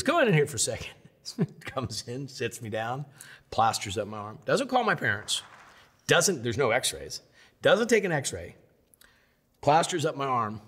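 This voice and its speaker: A middle-aged man telling lively stories in a sit-down interview, acting out the voices of the people in them. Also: mid-range voice, moderate pace, husky. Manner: animated storyteller, acts out voices of others. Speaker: interview guest.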